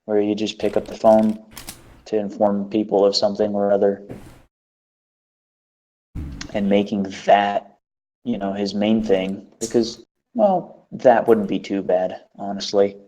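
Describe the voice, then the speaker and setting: A man's voice: lowish voice, monotone, normal speed, dark tone. A man hosting a casual chat, telling an exasperated, profane story. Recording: dull lo-fi recording.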